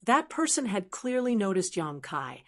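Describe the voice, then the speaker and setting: A woman's voice: medium pitch, very animated, moderate pace, fairly bright tone. Woman narrating a fantasy audiobook.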